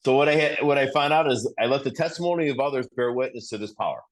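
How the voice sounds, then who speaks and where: A man's voice: mid-range voice, fast talker. A middle-aged man sharing earnestly in a recovery study group, often repeating himself and restarting sentences as he tells a story.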